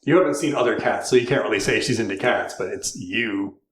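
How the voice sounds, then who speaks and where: A man narrating as game master in a tabletop game, with animated, filler-heavy description. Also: lowish voice, fairly quick, echoey room, slight background noise, rough recording.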